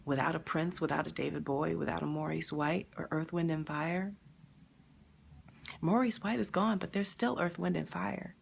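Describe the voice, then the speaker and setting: Gravelly-voiced grieving woman on a live stream. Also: deep voice, fairly even intonation, a little hiss or hum. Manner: emotional, halting, reads viewer comments aloud. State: sad, near tears.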